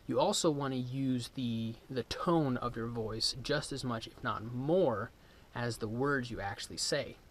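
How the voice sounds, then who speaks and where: A man casually explaining dog training in a relaxed, rambling way, with many ums and restarts. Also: medium pitch, slow pace. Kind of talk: casual outdoor instruction. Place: outdoors with his dog.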